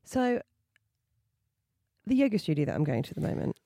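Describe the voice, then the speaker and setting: A woman's voice: on the low side, big pitch swings, a little fast, creaky, warm tone, no echo, studio quality. A woman co-hosting a casual comedy podcast, telling self-mocking stories in a chatty way. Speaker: podcast co-host.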